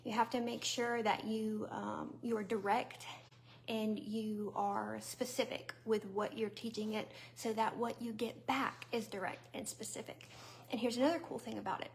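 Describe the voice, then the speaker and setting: Chatty Southern woman, bright-pitched. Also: level tone, moderate pace, creaky, slight background noise. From Southern United States. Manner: chatty and conversational, with fillers and little laughs; talks straight to viewers. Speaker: vlogger and small business owner. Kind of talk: casual talk to camera.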